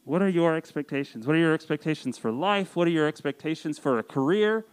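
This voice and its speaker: A man's voice: fairly high pitch, fast, hardly any pauses, smooth, poor audio. A young man in his twenties preaching to a campus group, telling a personal story earnestly with casual "like" fillers. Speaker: campus ministry speaker. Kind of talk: sermon.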